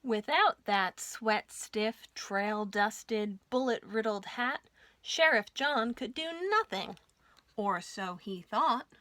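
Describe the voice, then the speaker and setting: A woman librarian reading a Western picture book aloud at storytime, with expressive, folksy storytelling. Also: mid-range voice, takes it slowly, no echo. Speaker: children's librarian.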